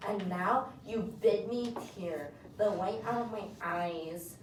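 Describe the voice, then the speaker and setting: Girl student reading a young woman begging a man, super slow careful reading, echoey far-off room. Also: mid-range voice, background noise, close to an everyday voice. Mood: pleading. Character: young woman pleading with a man she desires. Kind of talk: classroom play reading.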